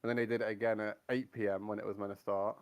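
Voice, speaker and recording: A man's voice: fairly low pitch, flat delivery, quick pace. A man chatting as a sim racing teammate, rambling and blunt, swearing freely. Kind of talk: casual chat.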